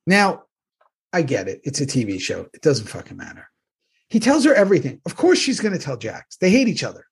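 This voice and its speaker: Chatty man with a husky voice. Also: mid-range voice, huge pitch swings, brisk. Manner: teasing, storytelling, chatty. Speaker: podcast co-host. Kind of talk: casual chat.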